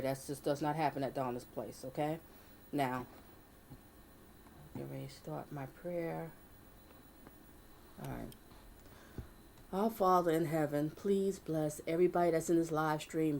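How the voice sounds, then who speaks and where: Low, dark-voiced woman hosting a live stream. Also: slight background noise. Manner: chatty, reads out viewer comments, prays earnestly. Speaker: live stream advice host. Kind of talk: casual live stream chat and prayer.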